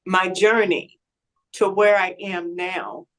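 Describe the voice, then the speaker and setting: A woman speaking on a panel as a patient, sharing her story in an earnest, halting way and often repeating words. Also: mid-range voice, level tone, a bit bright, low-quality recording. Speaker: patient advocate. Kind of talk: panel discussion, personal testimony.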